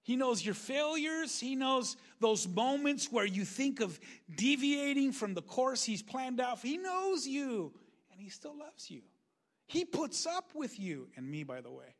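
A male pastor preaching a sermon, animated, acting out quoted voices and shifting between loud and quiet. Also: extremely high pitch, measured pace. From Northern California.

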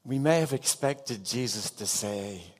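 A man's voice: mid-range voice, expressive, measured pace, darkish tone. A man preaching an evening sermon as a pastor, earnest and putting direct questions to his congregation.

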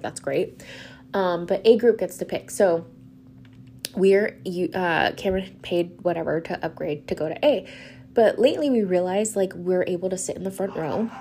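A woman's voice: lowish voice, mellow, slight background noise. A woman hosting a podcast, telling a travel story in a chatty, casual way, full of "like" and laughter. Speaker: podcast host.

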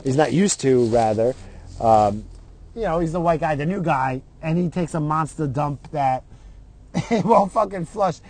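A man's voice: fairly high pitch, expressive, unhurried, a little mellow. A middle-aged man telling a story in a casual, profane way, acting out what other people said in his own voice.

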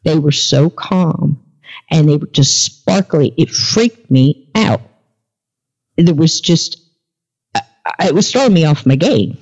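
A woman's voice: low-pitched, expressive, takes it slowly, long pauses, a little mellow, slightly rough. A woman guest on a podcast, telling a story in a casual interview and acting out the dialogue as she goes. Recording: dull lo-fi recording.

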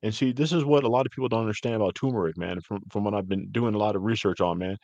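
A man's voice: on the low side, very fast, no echo, lo-fi sound. A middle-aged man hosting a podcast, chatting casually and rambling through stories, sprinkling his talk with "man" and "dude". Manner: rambling, animated storytelling with frequent "man" and "dude". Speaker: podcast host. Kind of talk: casual chat.

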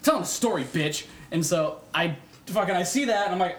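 A young man, co-hosting a casual podcast and telling a profane, animated story that acts out the other voices. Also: sits high, a little fast. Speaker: podcast co-host. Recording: echoey room.

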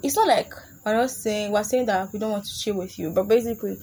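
A woman's voice: medium pitch, fast talker, a little mellow. Young female podcaster, casual comedic monologue, playful and chatty, faint room noise. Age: young adult. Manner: chatty, laughing, slipping into put-on voices. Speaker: podcast host.

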